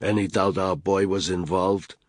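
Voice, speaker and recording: A man voicing a cool, guarded older male intelligence officer who speaks in a quiet, measured, lecturing way. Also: low-pitched, steady tone, no room sound, studio quality. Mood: calm, guarded.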